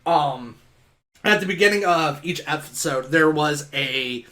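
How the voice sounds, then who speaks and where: A man's voice: fairly high pitch, measured pace, sharp tone. A man hosting a casual game stream, joking and rambling as he plays. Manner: joking, rambling, self-correcting. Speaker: streamer, host. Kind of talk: casual game-stream chat, reading dialogue aloud. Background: game music.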